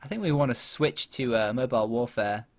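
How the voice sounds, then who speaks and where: A man's voice: mid-range voice, fairly quick. A man giving casual, chatty commentary while playing a strategy game, thinking aloud with plenty of fillers and laughing at himself. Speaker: gaming YouTuber.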